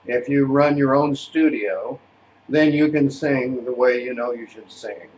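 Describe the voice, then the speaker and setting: An older man, an opera singer, telling stories in a deliberate, indignant way. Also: medium pitch, a little mellow, slight background noise. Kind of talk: storytelling monologue. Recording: echoey room.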